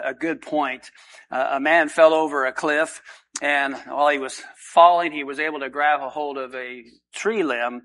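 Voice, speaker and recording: A man, a pastor, praying and then preaching a sermon in an earnest, unhurried way with frequent filler pauses. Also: fairly high pitch, bright, forceful tone, rough recording.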